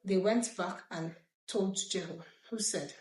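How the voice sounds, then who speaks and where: A woman reading scripture aloud in a lively way, breaking off now and then for chatty asides. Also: medium pitch, slow. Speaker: Bible reader. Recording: roomy echo.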